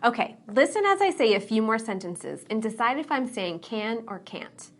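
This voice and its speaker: Clear woman teaching English pronunciation. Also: a little high, big pitch swings. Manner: slow, careful enunciation of example sentences. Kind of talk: scripted lesson narration.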